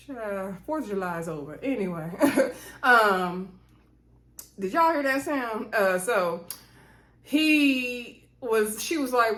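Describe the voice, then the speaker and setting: A woman recapping a reality show in a sassy, animated way, acting out the quoted lines. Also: fairly high pitch, slow pace, echoey room. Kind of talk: casual recap chat.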